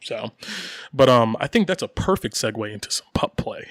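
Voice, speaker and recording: A man's voice: medium pitch, moderate pace, no echo, studio quality. A man co-hosting a podcast in casual chat, rambling with lots of fillers and repeats and laughing as he talks. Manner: animated, laughs while talking. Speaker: podcast co-host.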